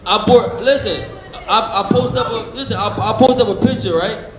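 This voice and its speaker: A high-voiced man trash-talks a rival at a press conference. He is boastful and profane, laughs often, and keeps cutting himself off to start again. The sound is echoey and roomy. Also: moderate pace. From Philadelphia. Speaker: boxer.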